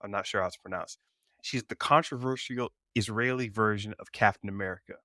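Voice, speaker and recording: Male podcast co-host, low voice with a crisp bright edge, easygoing delivery, dry close sound. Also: fairly quick, dry recording. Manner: relaxed, conversational, brings up news topics. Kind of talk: casual pop culture chat.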